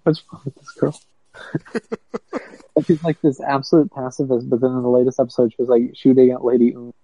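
A man co-hosting a podcast in casual chat, laid-back and quick to laugh. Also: mid-range voice, flat delivery, dark tone, breathy edge, dry recording, dull audio. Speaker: podcast co-host.

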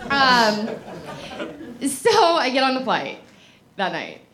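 A woman telling a funny personal story to a live audience in an animated, breathless way, often laughing as she acts out her own thoughts. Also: on the high side, slow pace, a crowd in the background. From Los Angeles. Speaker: comedic storyteller.

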